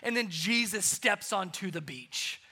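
A man preaching a sermon, animated, moving between loud emphasis and hushed, quiet points. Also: sits high, measured pace, slightly rough. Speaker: pastor.

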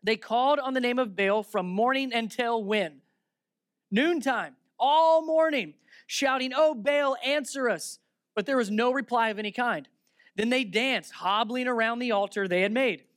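A man preaching a sermon, reading Bible verses aloud and retelling them with lively asides, switching from loud sarcasm to hushed reverence. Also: extremely high pitch, normal speed, smooth, no echo, clean studio sound. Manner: talks aside to the listeners between verses.

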